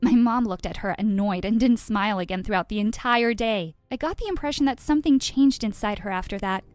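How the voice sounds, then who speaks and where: A woman's voice: medium pitch, a little fast, darkish tone, no echo. A woman narrating a first-person storytime in a dramatic, emotional way.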